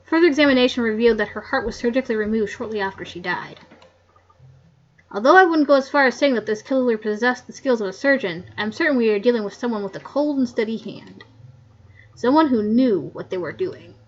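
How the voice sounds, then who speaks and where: A woman reading the lines of a grumpy old male coroner, loud and gruff, on a muffled lo-fi mic. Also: a little high, animated, a little fast. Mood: grumbling.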